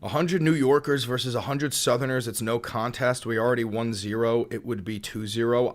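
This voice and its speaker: A man's voice: mid-range voice, steady tone, a little fast, hardly any pauses. A man with a New York accent, a streamer reacting to his live chat in a profane, sarcastic rant.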